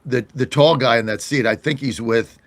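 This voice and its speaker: A man's voice: mid-range voice, normal speed, no echo. An American man hosting a political talk show, chatting casually and indignantly, often laughing.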